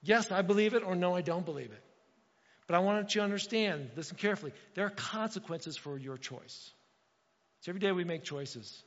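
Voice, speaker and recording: Man, middle-aged pastor, sermon, dramatic loud bursts, long church reverb. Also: high voice, fairly quick. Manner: preaching with sudden loud bursts and dramatic quoted voices. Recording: dull, reverberant church hall.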